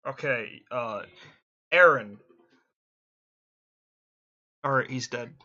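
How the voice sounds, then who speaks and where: A man's voice: medium pitch, sharp tone, muffled recording. A man running a tabletop game as game master over voice chat, talking casually with many fillers and restarts. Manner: casual, quick, halting with fillers.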